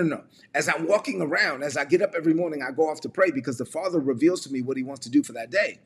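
A man with a slightly husky, somewhat raised voice preaches in a livestreamed sermon. He leans on repeated phrases and keeps prompting his viewers to answer in the chat. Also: a little high, a bit bright. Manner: preaching with repetition and call-and-response to the chat. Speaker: pastor and ministry leader.

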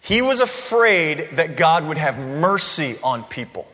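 A man preaching a sermon in a church, conversational and animated, often checking in with "right?". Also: fairly high pitch, measured pace. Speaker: pastor. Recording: long hall reverb.

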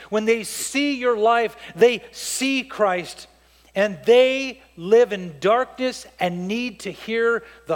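A man's voice: sits high, long reverb tail. A man preaching a sermon as pastor to his church, with emphatic rises and drops.

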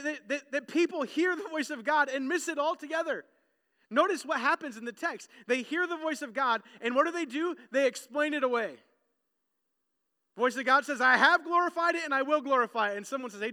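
A man preaching with a strikingly high, bright voice that rings out in a long-echoing hall. He delivers his sermon in an animated way and acts out the crowd's voices as he goes. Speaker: pastor.

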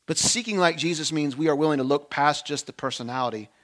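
A man preaching a sermon, telling a personal story with self-deprecating humor and sudden drops from loud emphasis to hushed asides. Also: on the high side, fast talker. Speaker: pastor.

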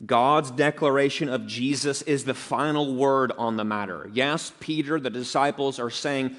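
Pastor, male, emphatic sermon delivery, mid pitch, long hall reverb. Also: moderate pace, hardly any pauses, a bit bright. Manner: earnest, emphatic expository preaching.

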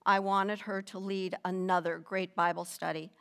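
An older woman reading her personal faith testimony in a measured, deliberate storytelling manner with gentle emphasis. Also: lowish voice, little pitch movement, clean tone.

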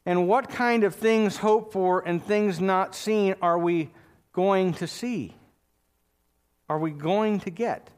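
A man's voice: high-pitched, takes it slowly, clean tone. A man preaching a sermon as pastor, emphatic and calling out for amens from his congregation. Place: church.

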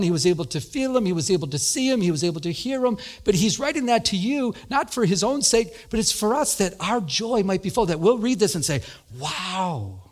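High-voiced man preaching conversationally. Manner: conversational, animated storytelling with sound effects and quoted voices. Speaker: pastor. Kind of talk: sermon.

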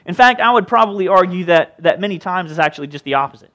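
A male pastor preaching a sermon in an animated, conversational way, with jokey asides. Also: high-pitched, fast talker.

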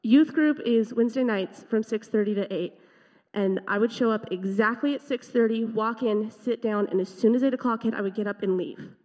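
A teenage girl speaks at a youth worship service in a church sanctuary, her fairly high, slightly mellow voice moving at normal speed. She shares an earnest, reflective testimony with small laughs, captured with dull sound and a long hall reverb.

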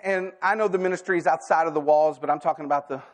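A man's voice: on the high side, fast, long reverb tail. A man preaching a sermon as a staff pastor, candid and conversational, with asides and quoted inner thoughts. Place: church sanctuary.

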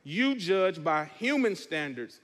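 A man's voice: a little high, sing-song, slow, fairly bright tone, big-room sound. A man preaching a sermon as pastor, reading scripture and calling on the congregation to respond. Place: church.

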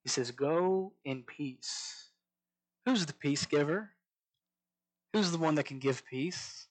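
Pastor, higher voice, slow emphasis. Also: male voice, rough recording. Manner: slow emphatic scripture reading, drops to soft voice on key lines. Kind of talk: sermon.

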